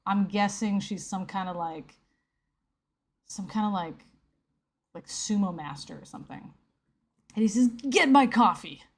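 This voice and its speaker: A woman's voice: mid-range voice, a little slow, pauses often, a little mellow. A woman hosting a live reaction video, commenting on a comic with sarcastic, incredulous, rambling asides. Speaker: YouTube host.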